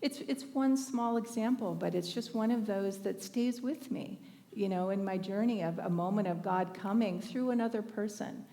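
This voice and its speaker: Woman speaker, sermon by anecdote, chatty with frequent laughs, fry in the voice. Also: medium pitch, moderate pace, long reverb tail. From Northern California. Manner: conversational, laughs often, warm anecdotes. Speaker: speaker at a spiritual thanksgiving service. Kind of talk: storytelling sermon.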